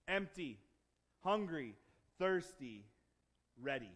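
A man with a high voice preaching a sermon in church. He talks casually and jokes with the congregation, then builds into emphatic, rising declarations. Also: moderate pace. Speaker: pastor.

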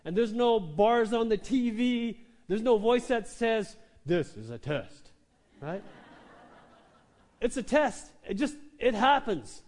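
A man preaching a sermon, telling a story with lively acted-out quotes. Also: very high voice, measured pace, hardly any pauses. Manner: animated storytelling, acts out quoted voices. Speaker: pastor.

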